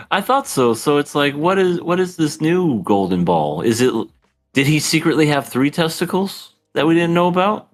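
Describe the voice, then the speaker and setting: A man co-hosting a podcast in casual chat, animated and laughing often as he acts out scenes. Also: on the high side, measured pace, soft background music. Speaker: podcast co-host.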